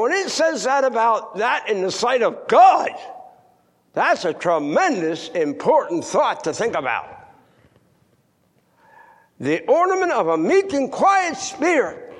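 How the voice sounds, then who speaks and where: An older man preaching in a church, moving between loud emphatic lines and hushed near-whispers. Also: very high voice, big pitch swings, slow pace, long pauses. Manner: old-fashioned scripture reading, repeats words for stress. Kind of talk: sermon.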